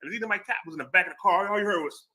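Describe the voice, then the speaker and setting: A man's voice: sits high, racing, noisy background. A former law enforcement man in casual chat, telling stories with street slang. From American Southwest. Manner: street slang, animated storytelling.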